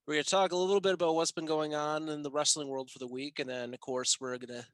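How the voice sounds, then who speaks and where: A man's voice: mid-range voice, a bit bright, no echo. A man co-hosting a casual podcast, upbeat and laughing easily as he leads the show. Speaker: podcast co-host.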